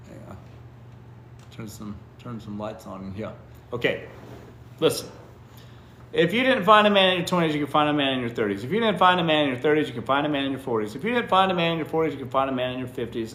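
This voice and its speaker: Swearing freely and teasing his viewers, a man hosting a live stream from an indoor room gives blunt replies to their comments, frequently saying "what?" in disbelief. The voice is medium in pitch and a bit bright, with a roomy sound and slight background noise.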